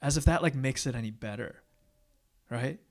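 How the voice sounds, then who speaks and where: A young pastor gives a casual, conversational sermon, candid and self-deprecating, frequently ending his points with "right?" His voice is medium in pitch with a darkish tone, and his pace is normal.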